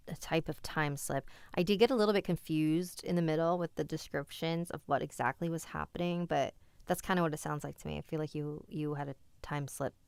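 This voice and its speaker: Low, gravelly woman reading stories. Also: no echo. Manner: calm, conversational reading with soft asides. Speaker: host reading listener stories. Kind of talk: live-stream story reading.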